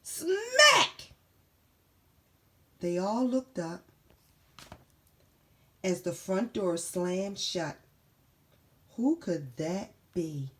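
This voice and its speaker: A woman reading a children's story aloud, slow and animated, pausing to ask the listener questions. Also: on the low side, slightly rough. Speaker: storybook reader.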